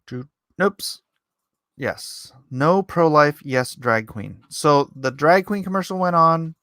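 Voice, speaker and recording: A man's voice: fairly high pitch, lively intonation, takes it slowly, a bit bright, no room sound, clean studio sound. A man hosting a casual livestream, reading viewer comments aloud and chatting back in a rambling, self-deprecating way. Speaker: livestream host.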